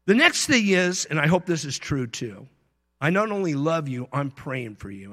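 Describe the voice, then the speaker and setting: A pastor giving a sermon in a conversational way, moving between loud emphasis and quiet asides. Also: male voice, on the high side, sing-song, normal speed, long reverb tail.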